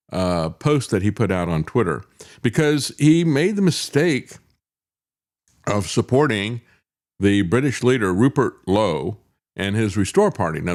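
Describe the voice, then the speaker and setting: A man's voice: on the low side, darkish tone. A middle-aged man hosting a commentary show, sardonic and chuckling, with frequent "uh" fillers. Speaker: host.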